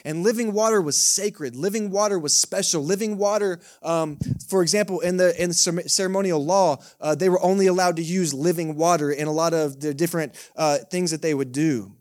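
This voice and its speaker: Male pastor, fairly high voice, casual humorous sermon style. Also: brisk, hardly any pauses, darkish tone. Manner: conversational, joking, keeps asking the congregation "right?". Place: church service held in a cinema.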